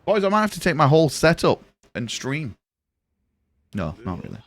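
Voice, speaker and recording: A man's voice: a little high, sing-song, moderate pace. A young man chatting casually with his live-stream audience from his room, rambling and swearing freely. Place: home room.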